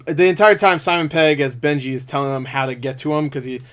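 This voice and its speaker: Young male reviewer, higher voice, loose and laughing, acts out scenes with profane asides. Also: fairly even intonation, fast talker, fairly bright tone. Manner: laughing, swearing, acting out scenes in quoted voices. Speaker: movie review host. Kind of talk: casual chat.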